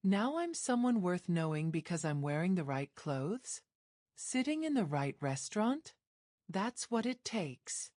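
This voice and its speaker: A woman's voice: fairly low pitch, very animated, measured pace, darkish tone, no room sound, studio quality. A woman narrator voicing a hurt, defiant young woman who speaks in an emotional, questioning way.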